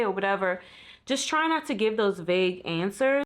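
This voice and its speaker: A woman records a reflective vlog while sitting in bed in a hotel room, speaking into a small camera. Her voice sits at a middle pitch. She talks in an honest, heartfelt way and leans on frequent "like" fillers. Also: animated, normal speed, fairly bright tone. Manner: candid, heartfelt, many "like" fillers. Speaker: vlogger. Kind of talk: casual reflective vlog talk. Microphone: compact vlog camera.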